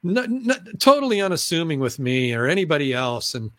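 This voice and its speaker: Animated middle-aged man telling stories. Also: brisk, no room sound, studio quality. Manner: animated, acts out excited voices in a high pitch; clears throat often. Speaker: guest, former TV announcer and weatherman. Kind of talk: conversational storytelling.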